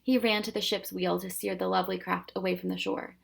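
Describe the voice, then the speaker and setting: A woman reading a children's novel aloud with steady, expressive storytelling. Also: on the low side, brisk, vocal fry, slightly rough. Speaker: storybook reader.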